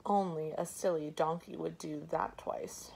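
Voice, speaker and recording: A woman voicing a clever, calm female monkey who speaks lightly and teasingly in a storybook reading. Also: sits low, unhurried, vocal fry, slight background noise, low-quality recording. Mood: mocking.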